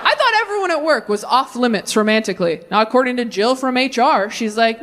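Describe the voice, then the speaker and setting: Young woman, stand-up comic, lively swooping delivery, slightly high voice, stage mic, faint room noise. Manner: animated, tangent-prone, quick asides to the crowd. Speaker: stand-up comedian. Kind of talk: stand-up comedy with crowd work. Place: comedy venue on stage.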